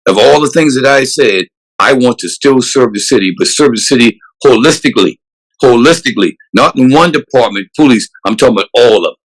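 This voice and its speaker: A man's voice: mid-range voice, expressive, a little fast, low-quality recording. A man, with a voice sitting in the middle of the male range. He answers as a police chief in an interview. He is earnest and emphatic, and he often restarts his sentences. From South Carolina, USA.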